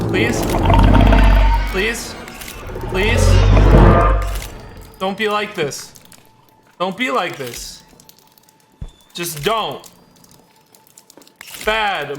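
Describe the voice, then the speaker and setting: A man's voice: sits high, pushed and bright. A man streaming a horror game, talking to himself and to the game in a jittery way, repeating lines when scared. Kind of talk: live horror game commentary.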